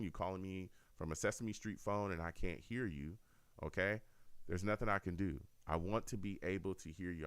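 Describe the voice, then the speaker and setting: A man hosts a fan call-in show with a very low, deep voice. He talks to listeners in an animated, repetitive way. The sound is dry and close, with no room echo. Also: clean tone. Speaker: host of a fan radio show. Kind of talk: casual call-in show talk.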